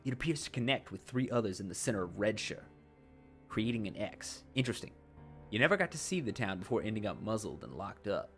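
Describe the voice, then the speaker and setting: Low-voiced guy reading game text all dramatic, chatty side comments, soft music under it. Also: big pitch swings, brisk. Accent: put-on accent while narrating. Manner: dramatic narration broken by casual asides. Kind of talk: reading game text aloud with casual asides.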